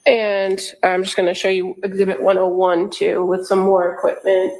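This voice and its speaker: A woman prosecutor questioning a witness in a courtroom, in measured, methodical questions with frequent pauses. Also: mid-range voice, flat delivery, a little mellow. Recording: echoey courtroom audio.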